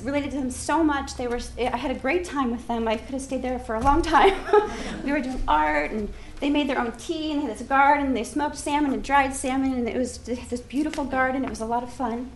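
Brief: high-pitched woman storyteller, animated, echoey hall with faint room noise. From Alaska. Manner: lively, laughing, acts out quoted voices. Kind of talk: live personal storytelling.

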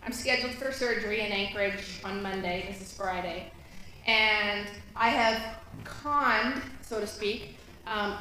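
Woman from florida telling a story on stage, bright crisp voice, lots of echo. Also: mid-range voice. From Florida, USA. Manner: chatty, with fillers. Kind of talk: live storytelling. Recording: echoey hall.

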